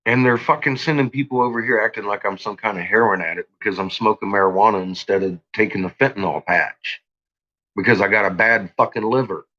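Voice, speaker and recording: A man's voice: lowish voice, a little fast, bright, forceful tone, dull audio. A man vlogging an angry rant to his viewers. He swears constantly and stumbles through restarts. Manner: agitated, profane, stumbling restarts.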